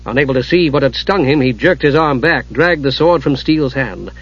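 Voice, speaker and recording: A man narrating a fantasy audiobook in a steady, dramatic storytelling manner. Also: medium pitch, a little fast, breathy edge. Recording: dull lo-fi audiobook recording.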